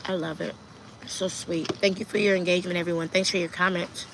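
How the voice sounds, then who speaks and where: A woman's voice: on the low side, little pitch movement, quick pace, background noise. A woman hosting a casual livestream, chatting and reading viewer comments aloud as she answers them. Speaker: livestream host.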